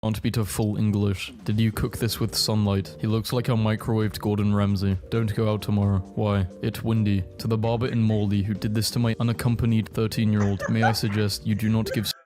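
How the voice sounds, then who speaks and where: A man's text-to-speech voice reading meme captions aloud in a flat, even delivery. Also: fairly low pitch, a little fast, few pauses, faint music behind. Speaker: caption reader.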